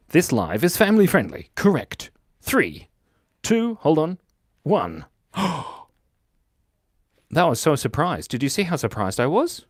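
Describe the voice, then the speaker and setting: A man's voice: mid-range voice, darkish tone, dry recording, studio quality. A man with an Australian accent hosting a live drawing stream for kids, playful and jokey as he reads viewer comments aloud. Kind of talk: casual livestream chat.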